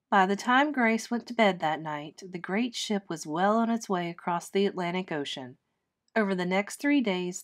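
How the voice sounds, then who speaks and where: Lady teacher reading a kids book out loud, clear and expressive, average pitch. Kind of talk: children's storybook read-aloud.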